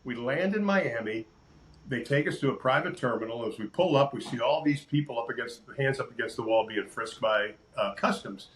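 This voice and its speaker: An older sportscaster telling lively stories in a casual interview, acting out quotes and laughing often. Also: male voice, mid-range voice, moderate pace, low-quality recording. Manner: animated storyteller, acts out quotes, laughs often. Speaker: sportscaster guest.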